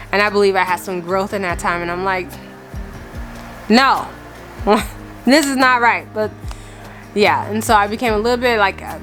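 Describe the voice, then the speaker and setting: With a mid-range, slightly bright voice, a woman in her thirties vlogs about family life in a chatty, open way. Her breath is a little short, and laughter comes frequently.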